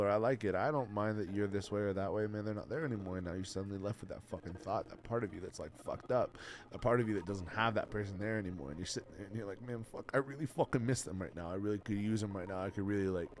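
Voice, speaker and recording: A man's voice: on the low side, a little hiss or hum. A man streaming to his chat, giving heartfelt advice in an earnest, emotional way, swearing freely and repeating himself. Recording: faint music in the background.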